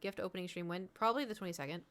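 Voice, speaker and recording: A woman's voice: lowish voice, very fast, fairly bright tone. A woman in her thirties, chatting casually to her live stream audience and rambling through stories with frequent laughs. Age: 30s.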